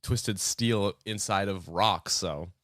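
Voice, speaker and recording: A man's voice: lowish voice, slow pace, fairly bright tone, no room sound, studio quality. A young man hosting a casual podcast, joking, swearing and rambling with lots of fillers. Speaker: podcast host.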